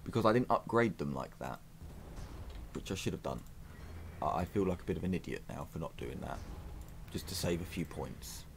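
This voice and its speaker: Deep-voiced man chatting over a strategy game. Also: animated, moderate pace, vocal fry, pauses often, slight background noise. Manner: chatty and self-mocking. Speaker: gaming YouTuber. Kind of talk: let's-play strategy game commentary.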